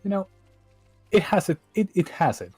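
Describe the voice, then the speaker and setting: A man's voice: high voice, sing-song, moderate pace, darkish tone, slightly rough, no echo, soft background music, low-quality recording. A man chatting casually on a game stream, rambling loosely and leaning on fillers like "you get me". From Chile.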